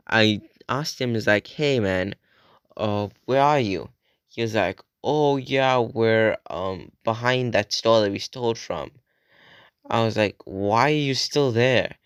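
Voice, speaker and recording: A teenage boy with a lowish voice tells a rambling story straight into a close mic, swearing freely. The sound is dry and close, with no room around it. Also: unhurried, fairly bright tone, clean tone, no room sound. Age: teens. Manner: rambling, swearing, acts out quoted friends in a raised voice. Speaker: vlogger. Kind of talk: casual storytelling.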